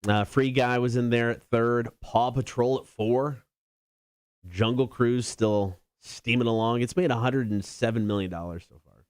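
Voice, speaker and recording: A man's voice: mid-range voice, steady tone, moderate pace, darkish tone, smooth, dry recording. A man co-hosting a radio show, trading dry jokes and reading show teasers. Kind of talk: casual radio banter.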